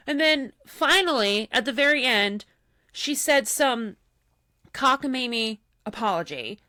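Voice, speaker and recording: A woman co-hosting a chatty podcast, animated, breaking into quick impressions of other people mid-story. Her voice is bright and forward, and the sound is dry and close with no room around it. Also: on the high side, no room sound. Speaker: podcast co-host. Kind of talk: casual chat recapping a reality show.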